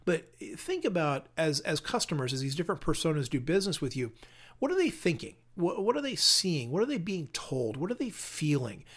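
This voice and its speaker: A middle-aged man talks alone on his podcast, coaching listeners on serving customers. His voice sits a little high, and he keeps an upbeat tone, pressing the audience with question after question. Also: sing-song, brisk, few pauses, fairly bright tone. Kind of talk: solo podcast monologue.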